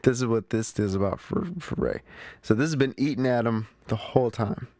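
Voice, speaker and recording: A man recaps a film's plot for his movie review show, chatty and full of slang as he speaks right to his audience. His mid-range voice is a little fast and a little mellow, captured in a dry recording.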